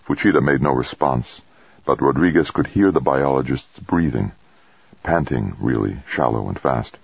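Deep raspy guy reading an audiobook, dry muffled sound. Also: normal speed, no room sound. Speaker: audiobook narrator. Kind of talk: scripted narration.

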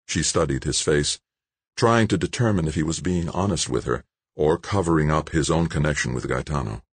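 Man narrating audiobook, extremely deep, husky, lively inflection, dry close sound. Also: moderate pace, dry recording. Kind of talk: scripted narration.

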